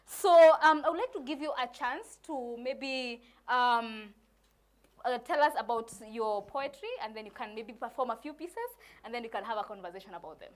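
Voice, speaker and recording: A woman's voice: a little high, normal speed, fairly bright tone. A young woman hosting an event, introducing a guest with enthusiastic admiration. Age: young adult. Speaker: event host.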